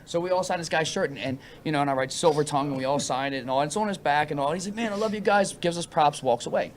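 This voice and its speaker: A man's voice: a little high, a little hiss or hum. A man in a band, telling a story casually and acting out what people said. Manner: animated, quick storyteller who acts out quotes. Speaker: band member guest. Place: venue room with crowd behind.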